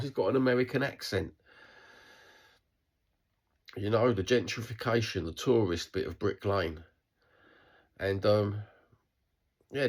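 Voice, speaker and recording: A middle-aged man with a broad Cockney accent talks straight to camera in a rambling, unscripted video diary. His voice sits very low and has a husky, rough grain. He swears freely and keeps restarting his sentences. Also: a little mellow. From East London, England. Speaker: vlogger.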